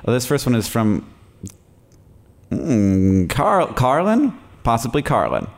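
Speaking slowly with big swings in pitch, this mid-range male podcast host, in his forties, chats casually on stage at a live show. He spins meandering, joke-filled stories and laughs a lot, and the audio carries a big-room sound.

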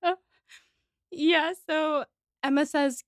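A woman's voice: high-pitched, slow pace, pauses often, no echo, clean studio sound. A woman hosting a podcast, chatting casually and retelling scenes, acting out the characters' lines. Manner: animated, quotes characters' lines in recap. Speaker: podcast host. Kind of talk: casual chat.

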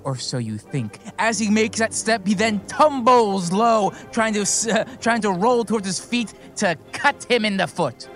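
Male player, casual, high-ish voice, faint music behind. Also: animated, moderate pace, hardly any pauses, fairly bright tone. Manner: casual, narrating his character's moves. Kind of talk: tabletop game play.

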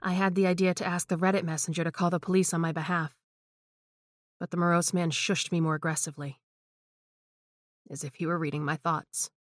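Woman narrator for a horror story, hushed and tense, lower voice, dry close read. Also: level tone, fairly quick, long pauses, no echo.

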